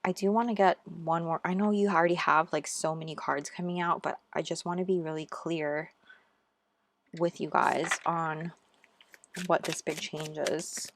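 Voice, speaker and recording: Low-voiced woman giving an excited tarot reading. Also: normal speed, a little hiss or hum. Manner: gushing and encouraging, addresses viewers as "you guys". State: out of breath. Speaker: tarot reader. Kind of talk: casual tarot reading to camera.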